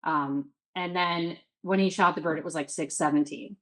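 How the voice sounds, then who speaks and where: A woman's voice: fairly low pitch, steady tone, normal speed, low-quality recording. A woman in her thirties from the Midwest, telling a story as a guest in a casual interview, full of "like" and quoted self-talk.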